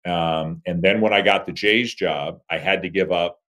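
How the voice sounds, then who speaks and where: A man in his fifties, a sportscaster, telling stories about his career as an animated interview guest. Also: normal speed. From Toronto, Canada. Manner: animated storyteller, lively swings in pitch and volume. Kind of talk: conversational interview storytelling.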